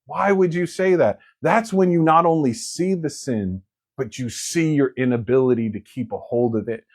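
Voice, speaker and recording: Animated, joking male preacher. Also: medium pitch, moderate pace. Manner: animated, conversational and joking, acting out quotes. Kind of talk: sermon.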